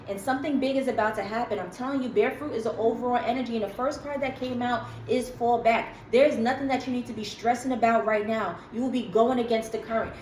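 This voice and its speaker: A woman's voice: a little high, darkish tone, roomy sound, slight background noise, low-quality recording. A woman giving a casual tarot reading to her viewers, chatty and emphatic, with slangy asides. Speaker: tarot reader.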